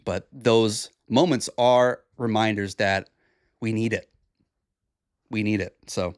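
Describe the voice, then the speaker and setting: A man's voice: lowish voice, fairly even intonation, slow, pauses often, smooth, no echo, clean studio sound. A tired, groggy young man hosting a solo podcast, talking in a rambling, reflective way with restarts. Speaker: podcast host. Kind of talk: casual solo podcast monologue.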